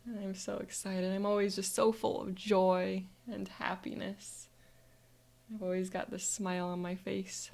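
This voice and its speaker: An upbeat woman coach narrates a guided visualization in the present tense. Her mid-range voice carries a noticeable vocal fry. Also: mid-range voice, little pitch movement, a little slow, a little mellow.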